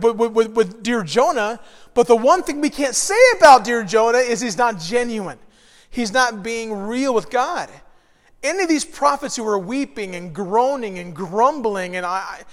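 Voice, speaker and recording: Male Bible teacher, high-pitched, animated informal teaching, reverberant hall. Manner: lively, animated storytelling with frequent restarts.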